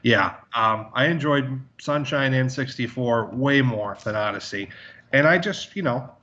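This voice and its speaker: A man co-hosting a gaming podcast in casual chat, relaxed and a bit hesitant. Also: mid-range voice, a little slow, slight background noise. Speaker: podcast co-host. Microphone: remote call mic. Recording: dull lo-fi call audio.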